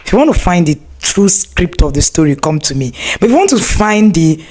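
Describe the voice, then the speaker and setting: A woman in her forties with a Nigerian accent, telling a lively, laughing story as a podcast guest. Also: on the low side, brisk. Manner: animated, laughing, acts out voices in her story. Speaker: guest, wife telling how the couple met.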